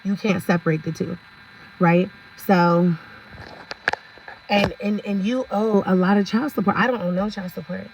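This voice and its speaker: A woman's voice: medium pitch, fairly even intonation, normal speed, pauses often, dull audio, background noise. A woman vlogger giving sassy, ranting commentary, laughing often and talking straight to her viewers.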